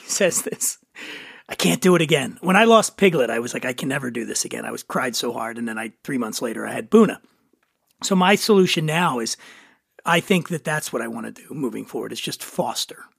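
A man's voice: fairly high pitch, expressive, fairly quick, vocal fry, a bit bright, slightly rough, dry recording. A male podcast host who talks casually and jokes around. His voice is close and dry, with no room sound. He sits at a studio microphone. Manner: chatty, self-deprecating, gets choked up. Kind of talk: casual interview chat and read ad.

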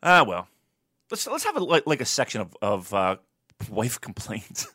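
A man co-hosting a casual podcast, telling profane stories and mimicking his wife in a high voice. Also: huge pitch swings, normal speed, pushed and bright, husky, no echo, clean studio sound. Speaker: podcast co-host. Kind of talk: casual chat, profane storytelling.

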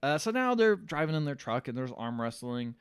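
A man co-hosting a casual movie recap, laughing and mimicking the characters in low mumbled voices. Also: sing-song, brisk, clean tone, no echo, clean studio sound. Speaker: podcast co-host recapping a movie. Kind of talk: casual chat.

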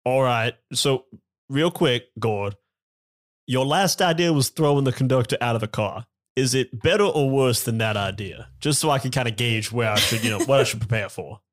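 A man at a tabletop game rambles along in a wry, filler-heavy way. His voice sits at an everyday middle pitch. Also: normal speed. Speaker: player. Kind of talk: casual in-character tabletop play.

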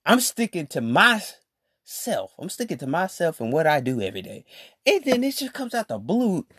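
A man's voice: on the high side, wildly swooping pitch, moderate pace, fairly bright tone, breathy edge, dry recording, clean studio sound. A man hosting a podcast, telling a story to his listeners in a rambling, slang-filled casual monologue. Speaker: podcast host.

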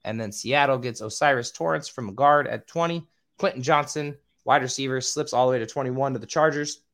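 A man hosting a casual podcast who stumbles over names and swears now and then, with a voice he calls squeaky. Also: brisk, fairly bright tone. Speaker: podcast host.

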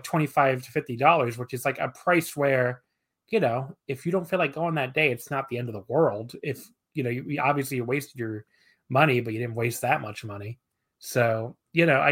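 A man in his thirties chatting as a podcast guest at an ordinary pitch. He rambles in an easygoing, self-deprecating way and hedges his points with lots of fillers. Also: gravelly, a bit bright. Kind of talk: casual podcast chat.

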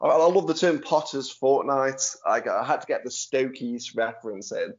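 A man's voice: medium pitch, lively intonation, moderate pace. Chatty Stoke man hosting a podcast. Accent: Stoke-on-Trent English. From Stoke-on-Trent, England. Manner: chatty and laughs easily. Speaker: podcast host. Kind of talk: casual chat. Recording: dull lo-fi audio.

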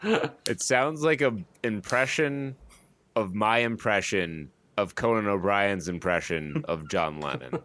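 Man, podcast co-host, deep voice, wry box office rundown. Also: fairly bright tone, no room sound. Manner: wry, quick asides. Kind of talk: reading box office numbers in casual podcast chat.

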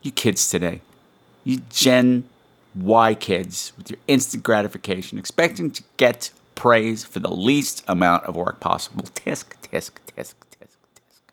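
A man's voice: lowish voice, expressive, measured pace, fairly bright tone. A man hosting his own podcast in casual chat, campy and teasing, scolding his listeners in a mock-stern way. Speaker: podcast host. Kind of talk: casual solo podcast talk.

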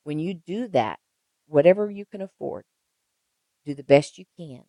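A woman's voice: low voice, moderate pace, no room sound, rough recording. Emphatic older woman nurse. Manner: emphatic, animated storyteller with repeated phrases. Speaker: registered nurse guest. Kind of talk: conversational interview.

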